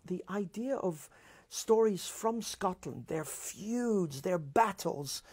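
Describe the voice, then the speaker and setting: Middle-aged guy walking through an opera, slow and hesitant, lots of ums. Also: sits high, animated, darkish tone, breathy edge. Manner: thoughtful, with frequent hesitations and restarts. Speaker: music director and host. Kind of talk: explaining an opera to listeners.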